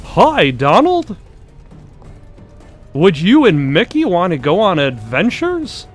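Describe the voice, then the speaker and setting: A man voicing a dopey, cheerful male cartoon dog in a slow, high drawl. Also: huge pitch swings, soft background music, full character voice. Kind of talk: cartoon voice impression.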